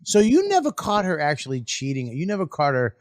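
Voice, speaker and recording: A man's voice: on the high side, wildly swooping pitch, a little fast. A man co-hosting a podcast, asking probing, incredulous questions. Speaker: podcast co-host. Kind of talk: interview questions.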